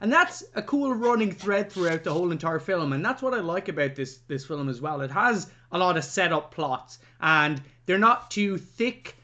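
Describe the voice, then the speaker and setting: A man's voice: high voice, animated, normal speed, few pauses, pushed and bright. A man co-hosting a podcast, reviewing a film in rambling, chatty talk with jokey asides. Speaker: podcast co-host. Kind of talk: casual film-review chat.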